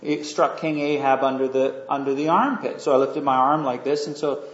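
Chatty preacher, echoey hall. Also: male voice, mid-range voice, steady tone, normal speed. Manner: conversational, asks the audience questions, many fillers. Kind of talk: sermon with storytelling. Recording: echoey room, dull lo-fi sound.

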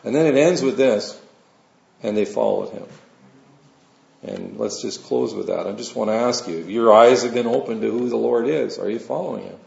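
A man's voice: mid-range voice, normal speed, vocal fry, darkish tone. A man preaching a sermon in a conversational, folksy way, mixing scripture reading with personal asides. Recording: roomy, slightly dull sound.

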